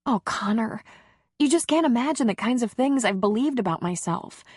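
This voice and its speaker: A narrator putting on a tearful, insecure woman, higher than her own voice and quick. The voice is a little husky and dry. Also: expressive, a little mellow, dry recording. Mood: emotional.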